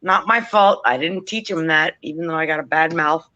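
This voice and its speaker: Bright, chatty woman on lo-fi call. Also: low voice, normal speed. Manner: chatty, laughs often, swears freely. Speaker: forum regular. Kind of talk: casual storytelling.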